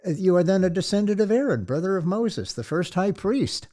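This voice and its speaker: A man voicing a huge bearded shepherd messiah in an audiobook, speaking in a gentle, rumbling, folksy way. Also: very animated, moderate pace, breathy edge. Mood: warmly impressed. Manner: soothing, folksy, with occasional stern reprimand. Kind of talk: audiobook character voice.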